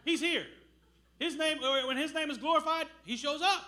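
A middle-aged man preaching a sermon as a missionary, telling stories with loud bursts. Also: extremely high pitch, moderate pace. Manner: animated storytelling with loud bursts.

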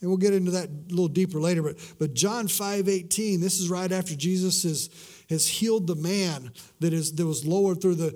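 High-voiced man preaching, hushing for emphasis. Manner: swings from loud emphasis to hushed, drawn-out words; repeats words and restarts mid-sentence. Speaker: pastor. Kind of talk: sermon.

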